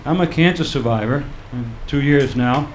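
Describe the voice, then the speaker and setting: An older man performing a stand-up comedy set on a club stage, telling stories in a deadpan way and acting out the quotes. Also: medium pitch, moderate pace, noisy background. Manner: deadpan storytelling with acted-out quotes. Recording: roomy live club recording.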